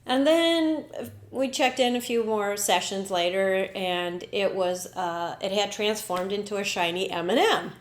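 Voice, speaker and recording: An earnest woman hosts a reflective spiritual talk show in a voice of middling pitch. She often acts out inner dialogue in quoted voices. The recording carries a roomy echo. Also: measured pace. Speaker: podcast host.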